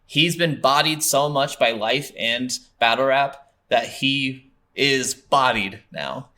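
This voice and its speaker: A man co-hosting a casual movie review podcast, retelling scenes with animation and quick laughs. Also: medium pitch, pushed and bright.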